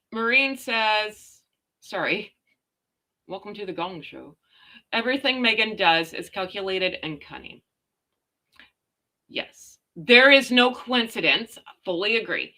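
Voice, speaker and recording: Sarcastic ranting woman host, bright voice. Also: mid-range voice, expressive, slow, pauses often. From Canada. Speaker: royal gossip livestream host. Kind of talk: casual chat reading viewer comments.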